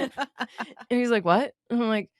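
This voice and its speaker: A woman's voice: fairly high pitch, slow, no echo, studio quality. A woman co-hosting a podcast, telling a dating story in casual chat, laughing often and acting out her own thoughts. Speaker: podcast co-host.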